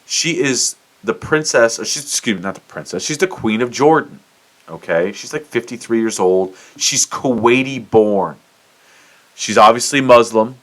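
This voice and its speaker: A man's voice: on the low side, fairly bright tone. A middle-aged man from the United States hosting his own show, ranting in casual commentary with swearing and self-mocking outbursts. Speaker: podcast host.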